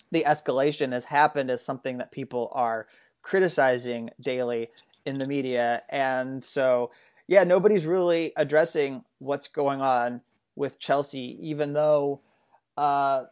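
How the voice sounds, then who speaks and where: A man co-hosting a casual political discussion, talking earnestly and rambling with frequent restarts. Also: fairly high pitch. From United States. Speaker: political commentary co-host.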